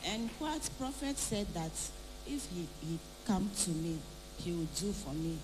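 A woman giving a slow, halting testimony at a church service. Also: lowish voice, lively intonation. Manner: slow, simple halting speech. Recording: distant voice in a reverberant church hall with hum.

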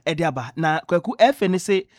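A man's voice: on the high side, a little fast, no room sound, clean studio sound. Ghanaian man telling sports news. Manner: lively storytelling, mixing in English phrases. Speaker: sports radio presenter. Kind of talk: sports news radio talk.

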